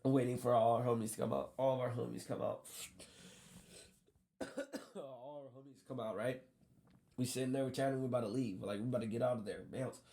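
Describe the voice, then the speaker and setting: Gravelly man telling a wild story. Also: medium pitch, fast talker, pauses often. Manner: animated, profane, acts out quotes. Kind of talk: casual storytelling.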